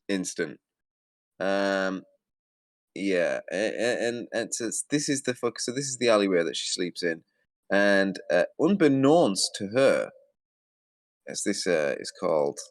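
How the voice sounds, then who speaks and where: A man with a low voice rants through video commentary, swearing constantly and sounding exasperated. The recording is dry and close. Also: animated, a little slow, pauses often, no room sound. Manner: profane, exasperated ranting. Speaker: commentary host.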